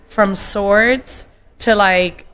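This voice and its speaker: A woman's voice: medium pitch, fairly even intonation, drawn-out words, fairly bright tone, clean tone. A woman with a Dublin Irish accent, a guest chatting animatedly in a casual interview, full of "like" fillers. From Ireland. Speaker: guest, whiskey brand ambassador. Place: bar by a window.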